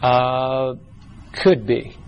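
His mid-range voice is monotone and extremely slow, captured on a low-quality recording with a little hiss or hum. He leads a church small group class in a chatty manner, taped from the room, frequently restarting words and acting out quoted voices in quick bursts.

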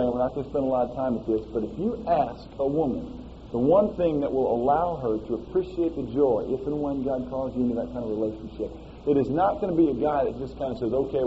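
A man's voice: mid-range voice, slight background noise. Folksy man preaching, slightly dull sound. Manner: folksy and animated, with frequent "all right?" asides. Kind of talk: sermon.

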